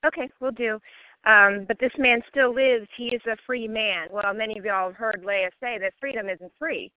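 Woman, high voice, earnest, emphatic, recovery meeting share, phone line, dry. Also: moderate pace, no echo. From Maryland, USA. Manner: earnest, emphatic, addresses newcomers directly. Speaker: meeting member sharing.

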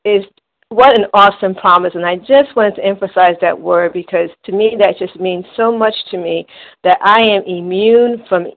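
A woman with a somewhat low voice shares at a phone-in meeting, leaning hard on words she wants to stress. It sounds thin and boxed-in, like a phone line. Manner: emphatic, enthusiastic, reads aloud. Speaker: meeting member sharing.

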